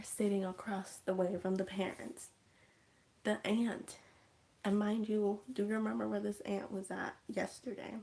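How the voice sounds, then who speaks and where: Slow-talking woman recapping a movie. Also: mid-range voice, vocal fry. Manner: animated, chatty, acts out scenes, drops to whispers. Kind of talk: casual storytelling livestream.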